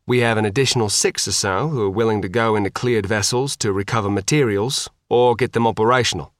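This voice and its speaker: A man voicing a calm, grave male commander who speaks in a measured, formal way. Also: on the low side, no room sound, clean studio sound, natural voice.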